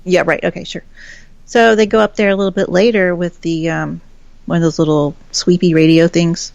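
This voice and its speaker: A woman's voice: lowish voice, steady tone, a little fast, vocal fry, a little mellow, no room sound. A woman from Texas, a guest in a casual chat, telling stories with lots of laughs and acted-out quotes. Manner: chatty storyteller, laughs often, acts out quoted voices. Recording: dull lo-fi call audio.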